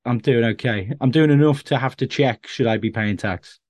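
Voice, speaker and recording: A man's voice: mid-range voice, normal speed, a little mellow, dry recording. A man, a stand-up comedian, chatting as a guest and telling self-deprecating stories with lots of restarts. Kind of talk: casual conversational anecdotes.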